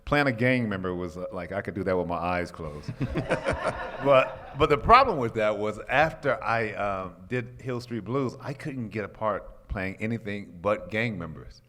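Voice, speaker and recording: A man from Chicago in his sixties, an actor telling a lively anecdote on a panel and quoting the people in it. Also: on the low side, normal speed, a little hiss or hum. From Chicago, USA. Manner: animated storyteller, quotes others, clears throat. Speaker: actor guest at convention panel. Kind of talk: storytelling anecdote. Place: convention hall. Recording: hall reverb.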